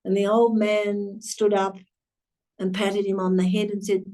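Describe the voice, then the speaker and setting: A woman's voice: mid-range voice, steady tone, mellow. Earnest woman telling a story. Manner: earnest, emphatic, slow storytelling. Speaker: leadership session speaker. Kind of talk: storytelling talk to an online audience. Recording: distant from the mic.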